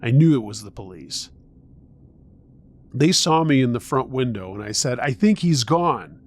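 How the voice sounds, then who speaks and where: A man narrating a first-person horror story in a measured, tense storytelling manner. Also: mid-range voice, expressive, a little mellow.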